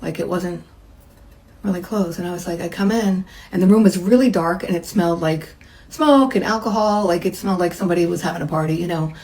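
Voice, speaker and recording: A woman's voice: on the low side, fairly quick, a little mellow, rough recording. A middle-aged woman, a massage therapist, telling a personal story in a chatty way and acting out the people she quotes. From United States.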